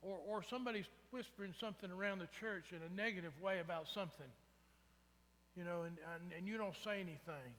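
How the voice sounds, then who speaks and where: A man's voice: high-pitched, fast, fairly bright tone. A man preaching a sermon in a conversational way, often asking the congregation "right?". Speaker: pastor. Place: church sanctuary. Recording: reverberant church sanctuary.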